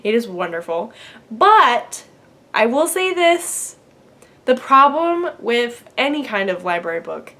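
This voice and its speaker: A woman's voice: a little high, big pitch swings, slow pace, sharp tone. A young woman in her twenties hosting a knitting podcast, chatting to camera at home in a bubbly, rambling way full of fillers. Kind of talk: casual chat to camera.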